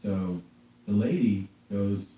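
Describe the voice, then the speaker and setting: A man hosting a podcast, chatting casually and telling animated, profane stories. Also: fairly low pitch, slow pace. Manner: animated storyteller, swearing, acting out quotes. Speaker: podcast host. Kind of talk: casual chat. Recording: echoey room from far off, dull lo-fi.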